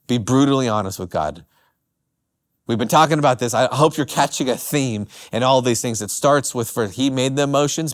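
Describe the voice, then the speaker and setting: An earnest young man preaching to a youth group. His voice sits in an ordinary middle pitch, and he leans hard into his points with emphatic, heartfelt delivery. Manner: earnest, emphatic, acts out the psalmist's cries. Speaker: youth pastor. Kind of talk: youth sermon.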